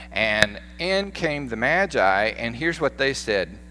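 A man with a Southern American accent, a pastor giving a sermon in a folksy, animated storytelling manner. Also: mid-range voice, unhurried, faint music behind. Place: church sanctuary. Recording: echoey church hall with faint hum.

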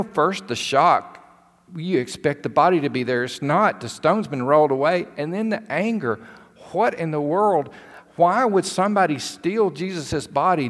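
A male pastor preaching a sermon in a church, retelling a story with emphatic repetition. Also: a little high. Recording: long hall reverb.

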